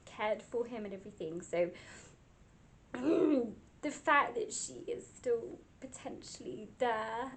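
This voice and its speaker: A woman ghost hunter speaking in a hesitant, halting way, close to tears. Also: on the high side, animated, a little hiss or hum. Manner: hesitant, halting, with nervous laughs. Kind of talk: vlog commentary.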